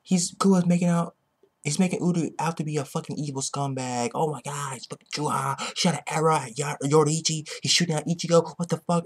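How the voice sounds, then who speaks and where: A man ranting excitedly about a manga chapter, swearing constantly and repeating himself. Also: a little high, fairly quick, slightly rough. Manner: excitable, heavily profane, repetitive. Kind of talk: ranting reaction commentary.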